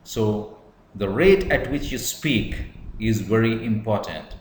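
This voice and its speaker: Slow, deliberate male lecturer in a roomy space. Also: on the low side, a little mellow, a little hiss or hum. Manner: measured, with stressed demonstrations. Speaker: English teacher.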